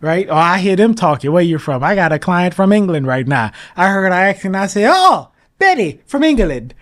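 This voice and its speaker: A man being interviewed as a mortgage broker, talking in an animated, emphatic way and acting out his phone calls. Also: high-pitched, a little fast. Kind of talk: casual interview talk.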